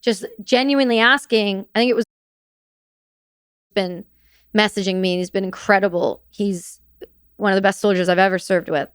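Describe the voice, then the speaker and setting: A woman recounts her time in combat on a podcast, her voice smooth and clear at a middle pitch. She talks in halting bursts, breaks off to restart her sentences and swears bluntly. It sounds like a studio mic. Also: steady tone. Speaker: podcast guest, military veteran. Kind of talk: recounting war memories in conversation.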